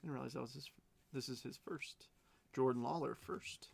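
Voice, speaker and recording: Gravelly guy running a live card break, chatty, calling out cards n bids. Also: medium pitch, steady tone, moderate pace. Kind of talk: live stream auction chat.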